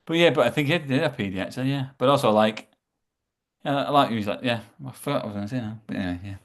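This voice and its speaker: A man's voice: mid-range voice, a little hiss or hum. A man chatting casually as a podcast guest, stumbling over his words and repeating himself as he goes. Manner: halting, repeats words, trails off.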